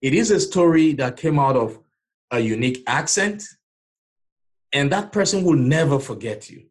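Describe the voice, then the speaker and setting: A man's voice: on the high side, expressive, moderate pace. A man from Nigeria with a Nigerian accent, hosting a podcast and giving emphatic, preacher-like encouragement. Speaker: podcast host. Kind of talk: motivational podcast talk.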